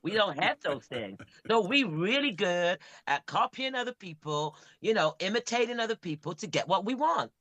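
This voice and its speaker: A man's voice: high-pitched, very animated, moderate pace, few pauses, fairly bright tone, no room sound. A British man, a comedian guest on a podcast, chatting casually and teasing with dry banter. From United Kingdom.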